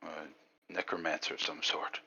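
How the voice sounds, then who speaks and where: Bright-voiced teenage young man. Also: extremely low pitch, level tone, measured pace, vocal fry, slightly rough, no echo, lo-fi sound. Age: late teens. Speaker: player. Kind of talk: casual chat during a tabletop game.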